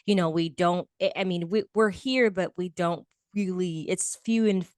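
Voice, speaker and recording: A woman's voice: lowish voice, normal speed, a little mellow, dry recording. Gushing woman podcast host. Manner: effusive, repeats praise, many restarts. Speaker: podcast host interviewing a guest. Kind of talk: casual interview chat.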